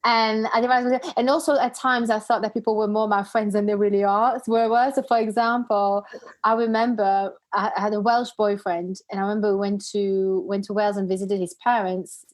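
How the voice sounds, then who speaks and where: A woman whose first language is not English, hosting a podcast and telling stories in a chatty, animated way. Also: mid-range voice, a little fast. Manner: chatty, animated storytelling with frequent restarts. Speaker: podcast host. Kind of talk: casual conversational interview.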